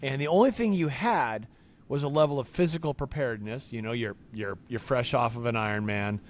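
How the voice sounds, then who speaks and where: A man's voice: mid-range voice, fairly quick, slight background noise. A man hosting a podcast in casual, friendly chat, reminiscing with his guest. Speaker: podcast host.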